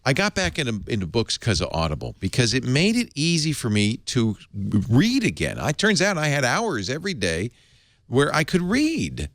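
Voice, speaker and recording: A man's voice: medium pitch, wildly swooping pitch, moderate pace, vocal fry, a bit bright, dry recording. A man hosting a tech talk show, reading an ad in an enthusiastic, chatty, rambling way. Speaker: podcast host.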